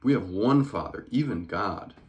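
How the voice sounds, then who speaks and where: A man's voice: on the low side, lively intonation, normal speed, dull audio, natural voice. A man reading the lines of an indignant crowd from scripture, lifting his voice a little and speeding up. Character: crowd of questioning, indignant temple men.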